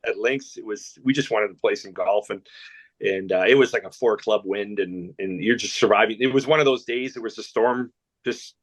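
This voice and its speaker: At a normal pace and a fairly low pitch, a Canadian man tells wandering anecdotes as a podcast guest. It's a casual storytelling chat with many restarts and laughs.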